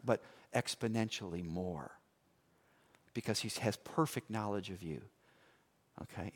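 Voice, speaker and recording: A middle-aged man preaching as a pastor, telling a story with acted-out voices and swings from hushed to loud. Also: medium pitch. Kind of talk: sermon with a personal story.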